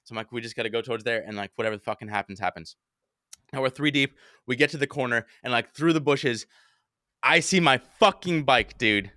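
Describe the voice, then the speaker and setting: A bright, dry-voiced young man hosts a podcast and tells a story in casual chat, speaking briskly at a medium pitch with no echo. He's animated, swears often, and acts out his own panicked quotes.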